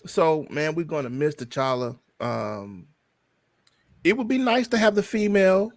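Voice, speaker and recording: Excitable male co-host, dry close sound. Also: on the high side, dry recording. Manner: excitable, repeats words in quick bursts. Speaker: podcast co-host. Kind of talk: casual chat. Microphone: remote call microphone.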